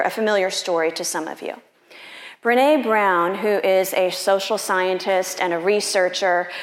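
Slow, unhurried woman pastor preaching. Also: medium pitch, roomy sound. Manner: unhurried, conversational, personal. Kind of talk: sermon.

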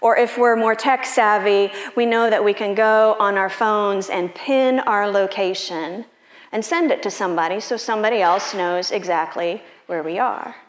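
A woman pastor preaching a sermon in an unhurried, conversational and personal way. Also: mid-range voice, echoey room.

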